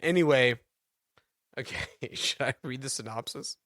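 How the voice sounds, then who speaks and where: A man's voice: mid-range voice, normal speed, dry recording, clean studio sound. A man co-hosting a movie review podcast, telling rambling made-up stories in casual chat. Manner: rambling, animated storytelling with laughs. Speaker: podcast co-host.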